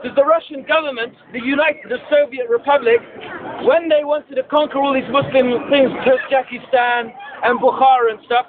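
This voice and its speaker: A man's voice: very high-pitched, steady tone, moderate pace, noisy background. A man preaching in a park to a crowd, mocking and challenging, with a rhetorical "huh?" after his points. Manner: rhetorical, repeatedly asks "huh?". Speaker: street preacher. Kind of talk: open-air debate speech. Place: outdoor park among a crowd. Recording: tinny lo-fi outdoor recording with crowd.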